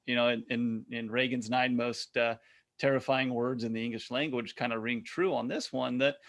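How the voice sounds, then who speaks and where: A man hosting a podcast interview, speaking in a halting way with frequent restarts and "you know.". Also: mid-range voice, steady tone, a bit bright. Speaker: podcast host. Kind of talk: casual interview chat.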